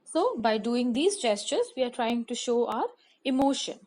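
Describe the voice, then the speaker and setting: A woman teacher with an Indian English accent, giving a measured, scripted lesson on public speaking and listing her points one by one. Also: fairly high pitch, big pitch swings, darkish tone. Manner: measured, instructive, enumerating points.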